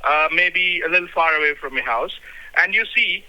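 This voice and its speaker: A man's voice: a little high, moderate pace, bright, forceful tone. A man with an Indian accent posing as an officer on a phone call, giving insistent, repetitive instructions with many fillers. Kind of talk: scripted phone pitch. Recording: tinny phone line.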